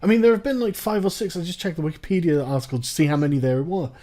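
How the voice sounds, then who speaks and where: A man's voice: a little high, very fast, mellow. A man hosting a casual political chat, ranting with profanity and sarcasm. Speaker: host.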